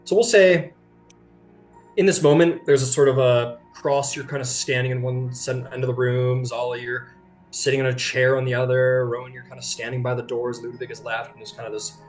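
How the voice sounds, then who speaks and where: A man's voice: mid-range voice, flat delivery, brisk, soft background music. A man narrating a tabletop role-playing game as game master, rambling and breaking off mid-sentence. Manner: rambling, self-interrupting, laughs often.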